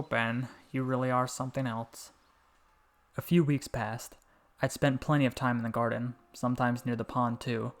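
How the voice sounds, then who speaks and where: A man reading a story aloud in a calm, reflective way with dry, wry asides. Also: mid-range voice. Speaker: story narrator. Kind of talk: scripted storytelling narration. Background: faint background music.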